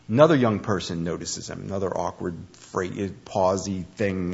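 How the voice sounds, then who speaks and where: Husky-voiced male preacher, lo-fi. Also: low-pitched, normal speed. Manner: animated storytelling, acts out quoted speech. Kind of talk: conversational sermon. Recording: dull lo-fi recording.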